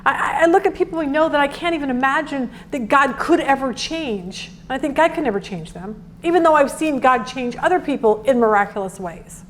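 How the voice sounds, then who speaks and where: Middle-aged woman, high voice, earnest devotional teacher, faint hiss behind her. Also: brisk, hardly any pauses. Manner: earnest, animated, acts out quotes. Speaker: Bible study teacher.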